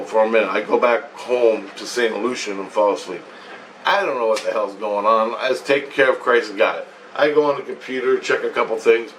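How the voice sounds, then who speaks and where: A man's voice: medium pitch, far from the mic, slight background noise, rough recording. A man telling a long dream story in a meandering, profane way, repeating himself as he goes. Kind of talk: rambling first-person dream account.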